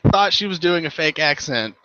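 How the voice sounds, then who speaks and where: A young American man talks casually and animatedly, laughing often and cursing freely. His voice is bright and forceful, sitting a little high for a man. The recording is dull and dry, with no room sound around him. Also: lively intonation, normal speed, no room sound. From United States. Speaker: channel host. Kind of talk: casual chat.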